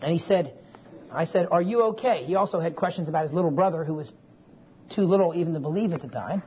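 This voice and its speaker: A man's voice: on the high side, fast. A man in his forties teaching a Bible class, telling a family story in a folksy, digressive way and often checking in with his listeners. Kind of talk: classroom lecture with personal story. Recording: dull lo-fi recording with faint hiss.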